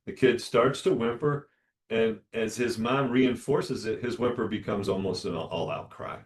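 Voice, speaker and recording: Male dentist host, low-ish voice, animated solo storyteller who voices the people in his tale. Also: normal speed. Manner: animated, acts out dialogue in lively voices.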